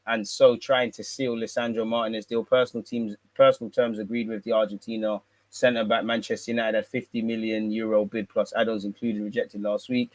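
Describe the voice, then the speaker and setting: A man hosts a fan livestream, answering viewer comments in laid-back, slang-heavy banter. His voice sits at an ordinary mid pitch. The recording is close and dry, with no room echo. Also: fairly bright tone. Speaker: fan channel host. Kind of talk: casual livestream chat, reading viewer comments.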